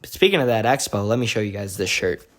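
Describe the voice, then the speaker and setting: A man's voice: lowish voice, fast talker, a little hiss or hum. Dude vlogging his fight week trip, hyped and slangy, says like a lot. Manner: excitable, slangy storytelling with many "like"s. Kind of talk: casual event recap vlog.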